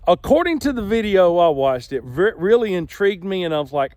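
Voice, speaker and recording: A man's voice: high-pitched, very animated, fairly quick, a little mellow, dry recording, clean studio sound. Folksy man rambling outdoors. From Alabama. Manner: rambling, folksy, self-correcting. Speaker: outdoor channel host. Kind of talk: casual outdoor vlog. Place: outdoors in burned woods.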